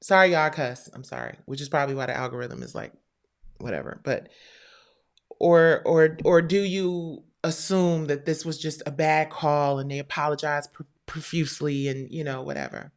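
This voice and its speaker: A middle-aged woman hosting her own show, telling a heated personal story to viewers, animated and profane, with quoted voices. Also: low-pitched, moderate pace.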